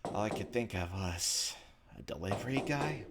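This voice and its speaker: Guy with a low voice reading game text out loud, offhand, some clicking and noise behind. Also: expressive, normal speed. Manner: casual, offhand asides between read lines. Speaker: let's play host. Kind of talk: casual let's play, reading visual novel text aloud.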